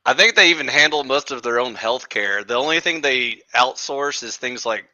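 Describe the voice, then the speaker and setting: Bright-voiced American guest, lo-fi. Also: male voice, mid-range voice, animated, normal speed, no room sound. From Kentucky, USA. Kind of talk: casual chat. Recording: dull lo-fi line.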